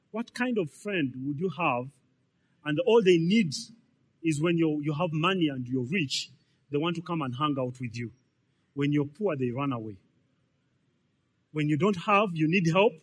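A man's voice: high voice, a bit bright, slightly rough. A man, preaching a sermon in a conversational way, full of repetitions and rhetorical questions. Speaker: pastor.

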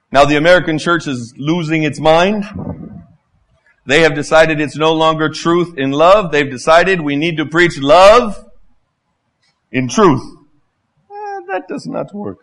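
A middle-aged man preaching a sermon as a pastor, impassioned and full of rhetorical questions and repetition, swinging between loud and hushed. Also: a little high, animated, unhurried.

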